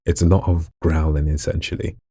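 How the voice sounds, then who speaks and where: A man with a very deep, gravelly voice full of vocal fry, chatting casually and jokingly in a vlog while showing off voices at home late at night. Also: brisk, no room sound. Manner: relaxed, chatty, jokey asides. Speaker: hobby voice actor.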